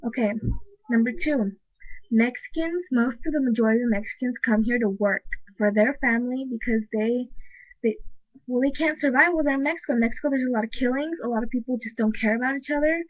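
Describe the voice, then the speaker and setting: A heated, emphatic woman with a fairly high voice vents to her webcam, peppering every sentence with "like." The sound is dull and lo-fi, close and dry with no room echo, as if caught on a built-in mic. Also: fast talker. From United States. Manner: says "like" constantly, heated and emphatic. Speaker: vlogger. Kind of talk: casual opinion rant to camera.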